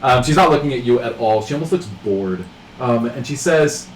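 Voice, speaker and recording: A man's voice: mid-range voice, fairly quick. Young man narrating as game master. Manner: relaxed, rambling narration with many fillers. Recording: roomy, distant mic with faint noise.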